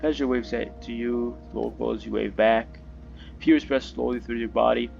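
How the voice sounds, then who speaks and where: Excitable man playing a story game. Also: medium pitch, normal speed, vocal fry, highs cut off, soft background music. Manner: excitable, chatty, many fillers and self-corrections. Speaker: gaming video host. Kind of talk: reading game text with live reactions.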